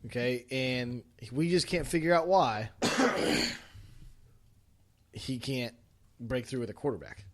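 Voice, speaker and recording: Podcast co-host, man, mid-pitched, rambling and casual about football. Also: lively intonation, slow, long pauses. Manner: loose, rambling, lots of restarts and fillers. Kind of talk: casual sports chat.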